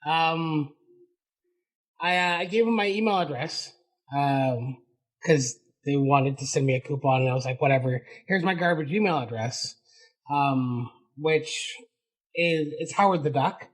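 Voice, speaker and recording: A man's voice: a little high, fairly even intonation, a little slow, low-quality recording. A man on a casual podcast, telling rambling stories and laughing often. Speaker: podcast host.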